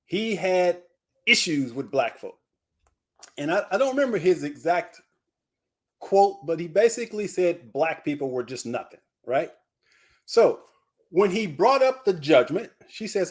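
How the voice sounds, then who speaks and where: A man who is addressed as coach tells a story in a live group discussion. His voice sits somewhat high and swings up and down a lot as he builds the story. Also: very animated, measured pace, pauses often.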